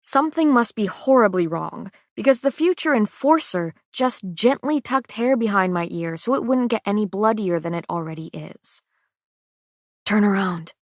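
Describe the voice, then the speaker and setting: A woman's voice: medium pitch, no room sound, studio quality. Woman narrating a fantasy audiobook. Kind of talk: scripted first-person audiobook narration.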